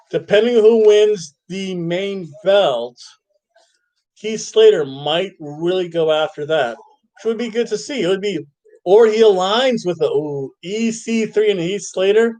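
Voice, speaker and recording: Male podcast host, high-pitched and slow-paced, thinks out loud in loose casual chat. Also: rough recording. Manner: rambling, thinks aloud, restarts sentences. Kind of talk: casual wrestling review chat.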